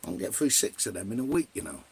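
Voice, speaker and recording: A man's voice: on the low side, very animated, fast, darkish tone, slight background noise. A man hosting a live stream in casual chat, greeting viewers by name and swearing freely.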